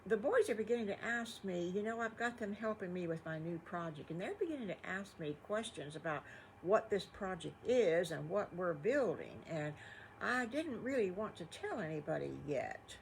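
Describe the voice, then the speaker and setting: A woman's voice: lowish voice, animated, moderate pace, gravelly, a little hiss or hum. An older woman voicing a kind, chatty farmer husband in a storybook, in a rambling, homey way.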